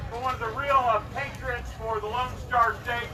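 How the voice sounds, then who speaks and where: A man's voice: very high voice, fairly even intonation, moderate pace, distant mic. A man speaking to an outdoor rally crowd, rousing and repetitive, heard among street and crowd noise. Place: outdoor protest on a city street. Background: crowd and traffic noise.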